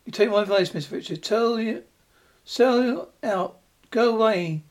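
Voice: medium pitch, unhurried, close to an everyday voice. Narrator voicing an old country postmaster, frightened, folksy grammar, storybook reading. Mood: urgent warning. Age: older. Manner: secretive rustic warning, folksy grammar.

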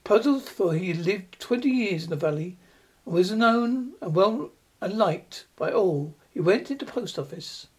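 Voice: mid-range voice, animated, normal speed, darkish tone, husky. A reader narrating a short story aloud, with an uneven pace and occasional restarts.

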